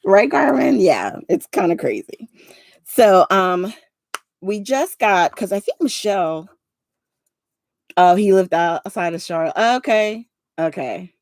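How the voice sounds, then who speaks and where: Speaking in a medium-pitched, gravelly, darkish voice, a forties-aged woman from South Jersey talks casually to her viewers during a craft livestream. She's expressive but a little slow, pausing often and rambling with many fillers in a New Jersey accent with a Southern twang. The recording is dry.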